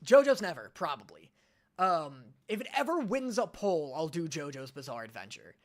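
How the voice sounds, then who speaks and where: Man, streamer, talks in loose rambling chat with a lively, bouncy pitch. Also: moderate pace. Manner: rambling, self-deprecating, restarts often. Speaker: reaction streamer.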